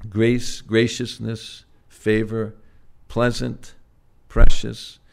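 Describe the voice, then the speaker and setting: A man preaching a sermon in a gentle, halting way, pausing often and swelling loud on key words before dropping soft again. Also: on the low side, completely flat delivery, gravelly. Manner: gentle, halting, with frequent "uh" and restarts.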